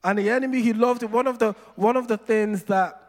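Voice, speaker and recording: Preacher in a reverberant hall. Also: male voice, sits high, steady tone. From Nigeria. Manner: storytelling with playful asides and slow, emphatic scripture lines. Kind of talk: sermon.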